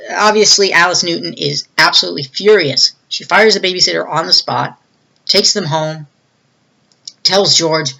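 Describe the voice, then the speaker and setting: A reviewer with a bright, sharp-edged voice talks through a film's story in a loose, casual way. The telling rambles, full of "um" and "uh", with frequent restarts and corrections. The pitch sits in a middle range. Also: a little fast, vocal fry, rough recording. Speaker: movie reviewer. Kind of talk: casual plot retelling.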